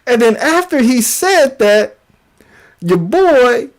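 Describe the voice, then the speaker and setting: A woman hosting a drama commentary show, full of exclamations and repeated phrases. Her pitch rises and falls widely while her overall pace stays unhurried. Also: big pitch swings. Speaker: commentary channel host.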